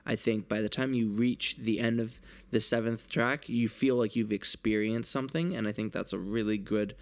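Podcast guy with a creaky gravelly voice, upbeat, hyped about the album. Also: lowish voice, steady tone, normal speed. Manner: upbeat and enthusiastic, explains things plainly. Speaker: podcast co-host. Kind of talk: casual music review chat.

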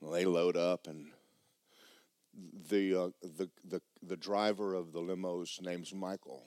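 A male preacher telling a story in a folksy, animated way, often repeating words. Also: sits low, measured pace, no echo, studio quality. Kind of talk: storytelling sermon.

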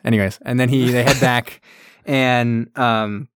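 A male podcast host recaps a movie in a loose, rambling way, tossing in jokes and plenty of fillers. His voice sits mid-pitch and sounds close and dry. The whole thing feels like a casual chat. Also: steady tone, measured pace, clear, resonant tone, dry recording. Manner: rambling, joking, lots of fillers.

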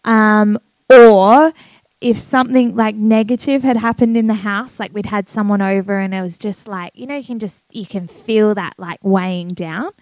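A woman's voice: medium pitch, normal speed, a little mellow, no room sound. A young woman telling a casual story, chatty with lots of "like" and "um". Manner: chatty, many fillers like "like" and "um". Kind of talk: casual anecdote.

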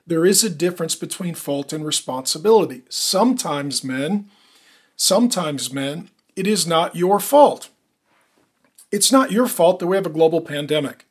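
A man's voice: fairly high pitch, animated, moderate pace, slightly rough. A middle-aged man preaching a sermon as a pastor, with an emphatic, repetitive cadence.

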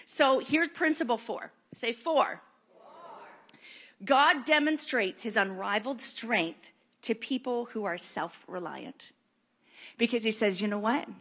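A woman delivers a sermon with a somewhat high voice. She talks in a lively, conversational way and acts out prayers and questions to God as she goes. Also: takes it slowly. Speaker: preacher.

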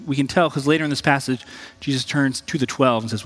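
A man, a pastor, preaching a conversational and animated sermon, jumping up in pitch when he voices quoted people. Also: fast talker, big-room sound.

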